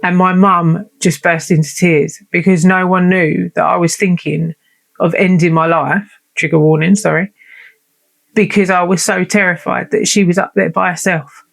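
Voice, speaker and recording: A woman's voice: on the low side, flat delivery, moderate pace, creaky. A woman hosting her own show, telling a personal story in a heartfelt, emotional and chatty way. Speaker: podcast host.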